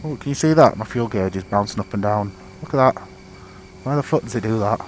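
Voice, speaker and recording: A motorcycle vlogger rides outdoors, delivering rambling, sweary, self-mocking commentary caught by a helmet or bike-mounted mic. His voice is fairly low with lively intonation and a fairly quick pace, plus a little hiss or hum.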